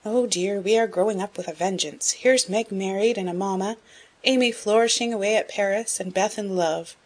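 A woman reading a spirited, frank, headstrong young woman in an audiobook, in a brisk, emphatic way. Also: mid-range voice, lightly acted. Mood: wry. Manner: brisk, emphatic, rising to excited outbursts.

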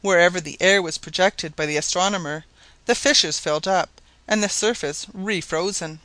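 Brief: male narrator, high bright voice, dry close recording, steady storytelling. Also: moderate pace, no echo. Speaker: audiobook narrator. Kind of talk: scripted narration.

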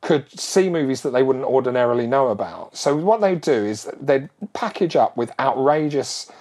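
A middle-aged man telling a long childhood story in a casual, animated way, full of quick asides. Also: medium pitch.

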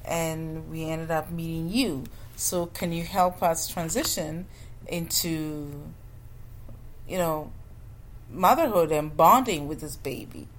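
Lady telling a story, lowish voice, jumps way up when she quotes people. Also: slow pace, slight background noise. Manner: animated, acts out quoted people with jumps in pitch. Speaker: childcare business owner. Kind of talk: casual storytelling.

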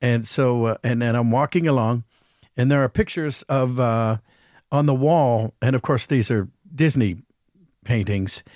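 A man hosting a podcast, telling a story in a casual, animated way and acting out what people said. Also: mid-range voice, measured pace, no echo, studio quality. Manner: animated, acts out quotes, chuckles. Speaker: podcast host.

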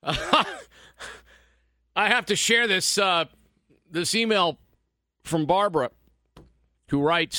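A man's voice: sits high, lively intonation, takes it slowly, pauses often, sharp tone, no room sound. A man hosting a talk radio show, delivering an opinionated, sarcastic monologue into a studio microphone. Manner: sarcastic, mocking.

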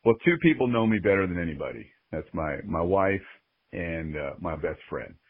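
A man's voice: deep voice, lively intonation, normal speed, breathy edge, dry recording. A man speaking as a podcast guest, earnest and openly emotional as he reflects candidly on his life. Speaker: guest, sports ring announcer. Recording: phone-like narrow-band audio.

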